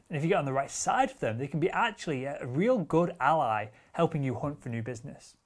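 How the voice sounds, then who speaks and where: A male sales trainer giving instruction at a medium pitch for a man. His delivery is direct and assertive, and his wording is casual and blunt, with the occasional curse word. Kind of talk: instructional talk.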